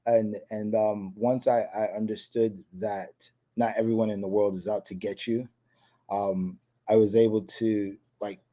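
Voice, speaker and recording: A man's voice: lowish voice, dark tone. A man being interviewed about his past in table tennis, telling stories in a rambling way with many restarts. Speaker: guest, table tennis player. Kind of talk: casual storytelling interview.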